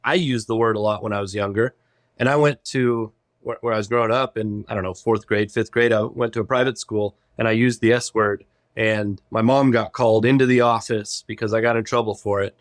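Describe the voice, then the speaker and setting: A man's voice: fairly low pitch, steady tone, brisk, dry recording, clean studio sound. A man, a guest on a podcast, chatting easily and telling anecdotes. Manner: easygoing, storytelling. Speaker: podcast guest, lawyer and pilot. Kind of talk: casual interview chat.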